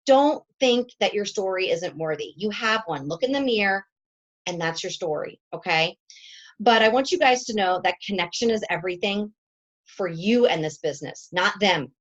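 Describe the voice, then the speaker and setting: A woman's voice: mid-range voice, animated, moderate pace, muffled recording. A woman in her forties, a team coach giving a chatty, emotional motivational talk, laughing often. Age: 40s.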